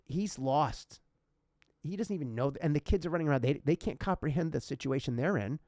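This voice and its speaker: A man's voice: fairly high pitch, lively intonation, fairly quick, a little mellow, no room sound, clean studio sound. A man hosting a casual podcast, telling a personal story in a heartfelt, emotional way. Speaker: podcast host.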